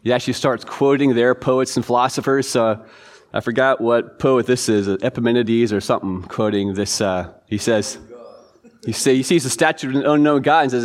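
A man teaching a church Bible class in a relaxed, informal way, reading verses and quizzing listeners. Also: lowish voice, normal speed. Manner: informal, chatty, quizzing the audience. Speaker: pastor.

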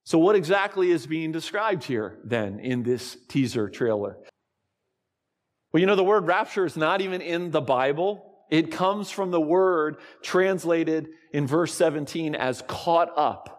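Male pastor, sermon, unhurried delivery, slightly raised pitch, long hall reverb. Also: lively intonation. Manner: slow, deliberate preaching with dramatic pauses.

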